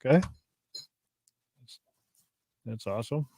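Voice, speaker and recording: A man hosting a live podcast, talking casually and excitedly, with many fillers and restarts. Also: mid-range voice, slow, a little hiss or hum. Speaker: podcast host.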